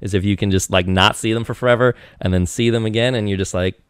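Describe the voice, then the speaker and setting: A man's voice: on the low side, fairly even intonation, fast talker, clear, resonant tone, no room sound, clean studio sound. A young man from Eastern Washington, a podcast guest, chatting casually into a handheld mic and rambling with lots of restarts and fillers. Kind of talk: casual chat.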